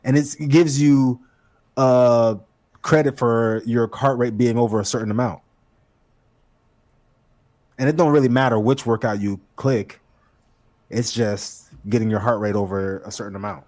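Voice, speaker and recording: A man's voice: medium pitch, fairly even intonation, measured pace, long pauses, a little mellow. A young man co-hosting a casual podcast chat, teasing and challenging his friends. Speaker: podcast co-host.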